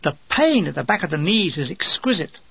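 A man reading a comic wartime memoir in a wry, deadpan way, in a dull, dry, lo-fi recording. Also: a little high, a little fast, gravelly, slightly rough, no room sound. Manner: wry, deadpan humor with acted asides. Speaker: memoir narrator.

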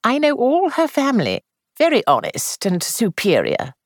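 A woman reader voicing a mild, polite elderly lady speaking gently. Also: a little high, huge pitch swings, normal speed, no echo, clean studio sound, voice pushed up. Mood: gentle.

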